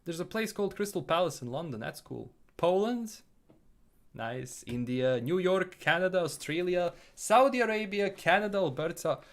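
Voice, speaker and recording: A man's voice: high-pitched, expressive, moderate pace. Bosnian-accented man chatting on stream. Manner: reads viewer comments aloud and answers them. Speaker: live streamer. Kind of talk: casual live-stream chat.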